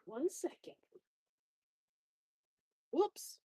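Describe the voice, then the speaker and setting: Out on a morning walk in a mountain park, a woman live streams, chatting with viewers, reading their comments aloud, and baby-talking to her dog. Her tone is warm, her words drawn out, and there's no echo.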